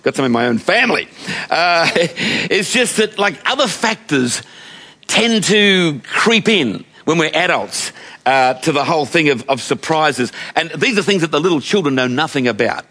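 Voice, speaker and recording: A man's voice: a little high, very animated, moderate pace, sharp tone. An older Australian man preaching a sermon in a chatty, storytelling way, often putting questions to his listeners.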